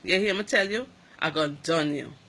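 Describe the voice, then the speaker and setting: Antiguan woman nurse telling her story; bright, forceful tone, emphatic and animated. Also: low voice, a little fast. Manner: animated, emphatic, acts out the dialogue. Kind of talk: emotional personal account.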